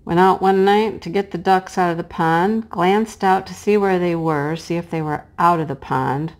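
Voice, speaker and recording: A middle-aged woman chatting casually while she crafts, her voice hoarse and cracking, sometimes dropping to a hush as she works. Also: on the low side, fairly even intonation, normal speed. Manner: chatty and homey, drops to a hush while placing pieces. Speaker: crafting vlogger and teacher. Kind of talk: casual chat while diamond painting.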